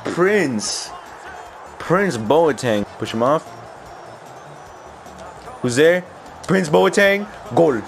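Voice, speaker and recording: Lively young man hyping his game. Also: a little high, drawn-out words, gravelly, pauses often, faint music behind. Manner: excitable, hyping players, laughing often. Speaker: gaming YouTuber. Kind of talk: live commentary while playing a football video game.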